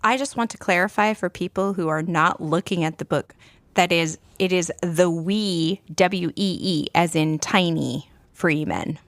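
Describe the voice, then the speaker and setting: A woman's voice: fairly low pitch, measured pace, no room sound. A woman co-hosting a book club podcast, chatty and enthusiastic. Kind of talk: casual chat.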